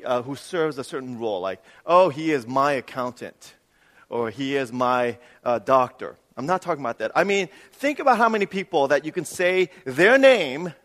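A man preaching a sermon as pastor, swinging between loud emphatic stretches and soft hushed ones. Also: mid-range voice, big-room sound.

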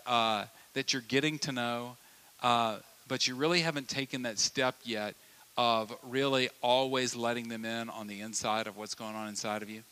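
A male pastor delivers a sermon in a bright, forceful voice. He talks to the congregation conversationally and animatedly, slipping into the voices of the people in his anecdotes. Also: mid-range voice, clean tone. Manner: lively, conversational, acts out quoted voices.

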